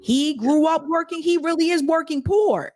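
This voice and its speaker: A woman's voice: sits high, moderate pace, a little mellow. A woman co-hosting casual political commentary, blunt, incredulous and openly profane. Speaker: co-host.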